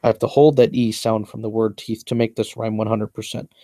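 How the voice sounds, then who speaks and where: Young male rapper, mellow dry voice, boastful and long-winded as he walks through his own lyrics. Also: fairly low pitch, level tone, brisk, dry recording. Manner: boastful, repetitive, explains at length. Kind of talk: casual lyric breakdown monologue.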